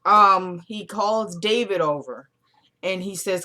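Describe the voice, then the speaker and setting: Animated woman recapping a TV episode. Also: mid-range voice, takes it slowly. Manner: animated storyteller who acts out quoted lines; frank and exclamatory. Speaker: TV episode reviewer. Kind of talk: casual recap vlog.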